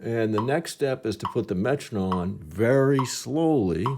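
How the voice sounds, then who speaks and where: A man's voice: mid-range voice, lively intonation, moderate pace, few pauses, noisy background. A man teaching a piano lesson step by step, patiently counting beats aloud as he demonstrates, with piano notes behind him.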